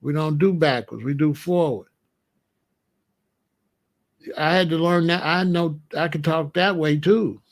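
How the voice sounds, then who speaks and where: A man's voice: fairly high pitch, a little slow, long pauses. A middle-aged man from the United States telling a story in a casual monologue, repeating phrases for emphasis. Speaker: commentator.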